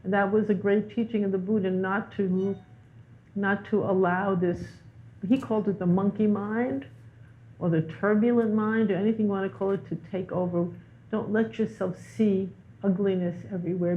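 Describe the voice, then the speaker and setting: Woman guest, animated storyteller, mid-range voice, heard through a phone-like line. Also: mid-range voice. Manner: animated storyteller, repeats words for emphasis. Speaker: guest teacher. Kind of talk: spiritual conversation.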